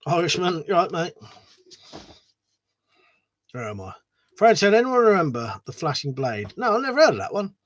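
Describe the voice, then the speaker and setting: A man's voice: on the high side, wildly swooping pitch, normal speed, long pauses, fairly bright tone. A man hosting a casual live stream, rambling, swearing a lot and laughing as he reads out viewer comments. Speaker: livestream host.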